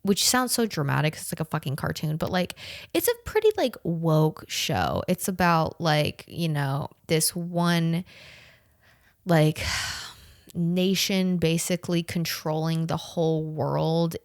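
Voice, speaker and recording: 20-something southern girl telling a story, swears a lot, says like every other word, lowish voice, super dry sound. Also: a little slow, gravelly, no echo. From southern United States. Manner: profane, slangy and animated, heavy use of "like". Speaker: podcast host. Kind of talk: casual storytime chat.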